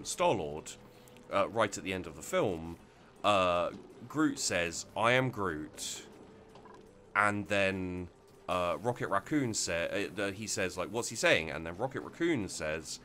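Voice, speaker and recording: Slight background noise sits under a man's low, bright, forceful voice as he hosts a let's play. He talks loosely over the game, rambling and restarting often, with plenty of fillers.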